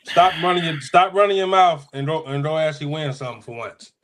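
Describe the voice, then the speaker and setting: High-voiced, defensive man. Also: fairly even intonation, a little fast, a bit bright, dry recording. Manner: defensive, protesting. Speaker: co-host. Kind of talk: casual chat.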